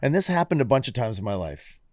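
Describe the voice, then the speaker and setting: A man's voice: mid-range voice, very animated, quick pace, darkish tone, dry recording, studio quality. A man in his forties co-hosting a podcast, telling candid personal stories in casual chat and swearing freely. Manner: candid storytelling, frequent swearing. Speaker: podcast co-host.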